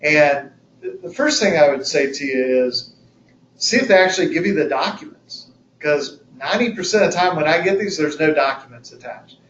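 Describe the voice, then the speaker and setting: Presenting a legal webinar, a man explains the rules in a conversational, folksy manner, acting out courtroom scenarios. His voice is on the high side, expressive and a bit bright at normal speed, with a little hiss or hum in a dull, lo-fi recording from a distant mic in an echoey room.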